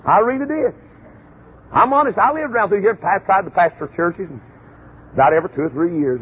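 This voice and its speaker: A man preaching, husky voice, acting out voices and shouting now and then. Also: sits high, animated, a little fast, pauses often. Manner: folksy, acts out voices and shouts. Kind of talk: folksy sermon storytelling. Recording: dull phone-like lo-fi recording.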